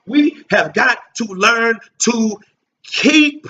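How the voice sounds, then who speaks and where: Pastor guy preaching loud, call and response, kinda muffled lo-fi sound. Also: extremely high pitch, animated, extremely slow, a little hiss or hum. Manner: call-and-response preaching, shouting emphatic lines. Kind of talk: sermon. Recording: distant mic, dull lo-fi sound.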